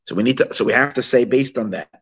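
A man's voice: medium pitch, quick pace, husky, muffled recording. A man teaching a text study class, asking rhetorical questions and mixing Hebrew and Yiddish terms into his English explanation. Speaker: Torah teacher.

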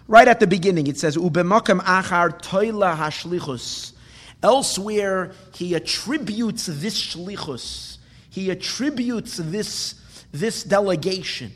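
High-voiced man teaching a Torah class. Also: fairly bright tone, long reverb tail. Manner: questioning, explains Hebrew phrases with translations.

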